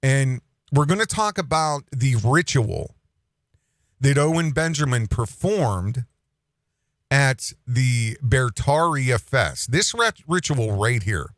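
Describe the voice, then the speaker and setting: A man hosts an online commentary show in a loose, mocking manner, circling back to repeat his points. His pitch swings about a lot as he talks. The recording is dry and close. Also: animated, slow pace, a bit bright, no echo. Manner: mocking, rambling, repeats phrases.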